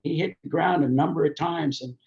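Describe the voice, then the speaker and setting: A man's voice: a little high, a little fast, lo-fi sound. An older man, a race promoter, telling anecdotes as a podcast guest and acting out the voices of the people in his stories. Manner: animated, acts out quoted voices while telling anecdotes. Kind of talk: storytelling in a podcast interview.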